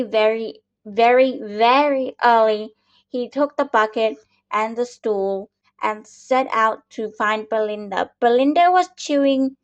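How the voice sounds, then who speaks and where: A woman reads a children's picture book aloud at an unhurried, patient pace, now and then stumbling and starting a phrase again. Her voice sits a little high, and the recording has a dull, lo-fi sound. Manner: slow, patient reading with small slips and restarts. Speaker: storyteller.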